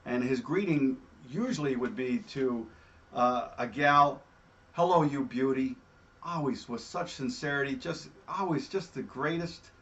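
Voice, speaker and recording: A man hosting a show, telling stories in a casual, animated way and often adding "all right?". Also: medium pitch, unhurried, dull audio. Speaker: host. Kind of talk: casual storytelling.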